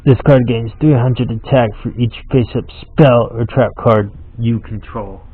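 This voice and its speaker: A man's voice: mid-range voice, fairly even intonation, measured pace, husky, narrow, tinny audio. A man giving a casual play-by-play of a card game, explaining the rules as he goes and laughing easily.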